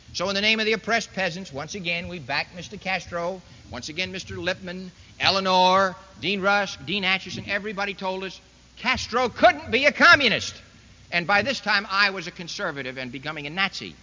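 A man's voice: high voice, sharp tone. A man giving a political speech to a live audience, folksy and sarcastic, full of rhetorical questions. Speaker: speaker addressing an audience. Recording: dull lo-fi recording in a reverberant hall.

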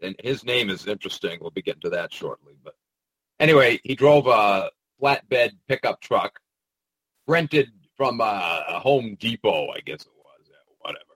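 Male commentator, mocking and rambling, raspy edge, animated pitch. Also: moderate pace, no echo, rough recording. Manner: sarcastic, mocking asides; rambling with frequent hesitations. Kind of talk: casual monologue commentary.

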